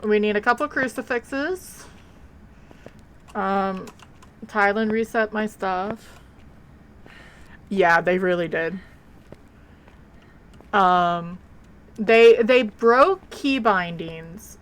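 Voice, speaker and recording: A woman's voice: mid-range voice, a bit bright. A woman streamer chatting casually while playing a game, rambling and blunt, with offhand swearing. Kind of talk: casual live game commentary.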